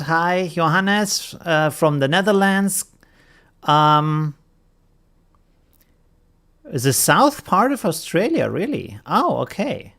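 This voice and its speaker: A man's voice: on the high side, gravelly, a bit bright. German man hosting a casual live stream. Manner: greets viewers one by one from a chat, chuckling often.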